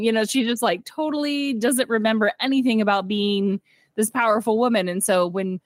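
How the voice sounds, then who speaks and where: A woman's voice: fairly high pitch, steady tone, normal speed, no room sound. Chatty, upbeat woman podcaster, dry sound. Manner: enthusiastic, rambling, lots of "like" fillers. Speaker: podcast co-host. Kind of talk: casual movie-review chat.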